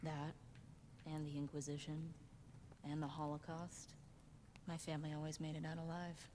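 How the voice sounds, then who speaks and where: An actress voicing a weary, guarded young woman survivor in a video game, speaking quietly and understated, over game audio with background noise. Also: deep voice, monotone, moderate pace, lightly acted. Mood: wry.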